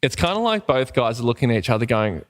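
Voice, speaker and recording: A man, co-hosting a podcast, talking in a rambling, halting way with lots of restarts. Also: mid-range voice, big pitch swings, no echo, studio quality. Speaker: podcast co-host. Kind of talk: casual conversational podcast.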